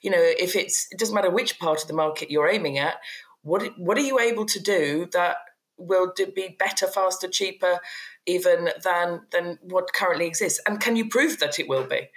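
A woman's voice: fairly low pitch, moderate pace, rough recording. A woman hosting a podcast interview, thoughtfully summarising points and asking questions. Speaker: podcast host.

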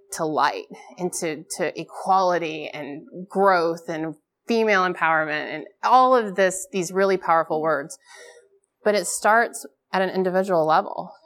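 A woman in her thirties speaks at a conference before a live audience, her voice sitting a little low. She talks candidly and pokes fun at herself, with quick laughs along the way. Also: a bit bright. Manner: candid, self-deprecating, laughs often. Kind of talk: live keynote talk.

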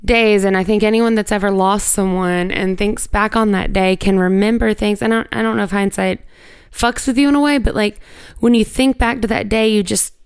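A woman speaks with a gravelly edge and a smooth, resonant tone. She tells a personal story as an interview guest, casual and candid, full of "like" and a few swear words. The sound is close and dry. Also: mid-range voice, steady tone, moderate pace, few pauses, dry recording. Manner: conversational, heavy use of "like", candid with swearing.

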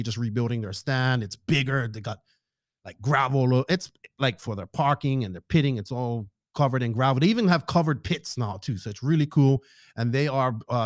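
A man hosting a casual podcast, joking, excitable and swearing freely while he thanks sponsors and chats with a guest over a remote call. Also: mid-range voice, no room sound, studio quality. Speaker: podcast host. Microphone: podcast microphone, remote call.

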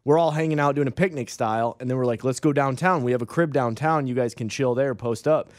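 A man's voice: fast talker, no room sound, studio quality. A man telling casual stories in loose banter on a radio show. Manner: animated storytelling, lively pitch.

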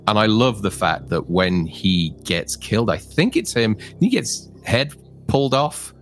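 A man's voice: lowish voice, big pitch swings, a little slow, faint music behind. A man co-hosting a casual film discussion, enthusiastic and full of fillers. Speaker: co-host.

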